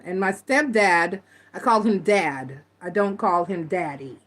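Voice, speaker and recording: A middle-aged woman hosting a live tarot stream, chatting casually and telling stories in a blunt, animated way. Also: fairly high pitch, moderate pace. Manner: animated storytelling, blunt and laughing. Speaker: tarot reader host.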